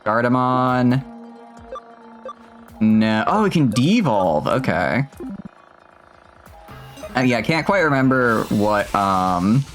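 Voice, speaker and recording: Young man, casual gameplay stream chat, animated pitch, rambling, laughs often, faint game music behind. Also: takes it slowly, long pauses.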